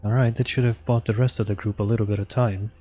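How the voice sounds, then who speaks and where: Husky-voiced man streaming wry game commentary. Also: on the low side, fairly even intonation, quick pace, warm tone, faint music behind. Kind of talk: live gameplay commentary.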